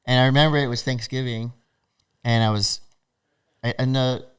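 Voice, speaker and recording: A man guest on a podcast, telling stories in an animated, laughing way and acting out what other people said. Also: medium pitch, normal speed, clean tone. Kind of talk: casual storytelling.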